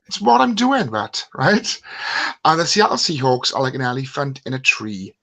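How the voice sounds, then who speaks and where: A man's voice: mid-range voice, very animated, moderate pace, creaky, bright, forceful tone. A man from the UK co-hosting a podcast, speaking in a playful, mock-dramatic way. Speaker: podcast co-host. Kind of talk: casual podcast chat.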